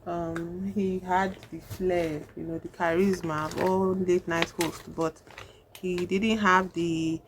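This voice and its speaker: The background is noisy as a woman with a voice on the low side chats through her makeup routine, reviewing a horror film. She takes it slowly with a level tone, rambling casually and filling gaps with "like" and "you know."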